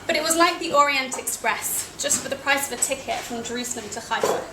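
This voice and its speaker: Young English woman, high voice, dry self-mocking storyteller at a cafe event, roomy and noisy. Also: a little fast. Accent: British English. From England. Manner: wry, self-deprecating, with small laughs. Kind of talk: personal travel story told to an audience. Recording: echoey cafe with noisy ambience.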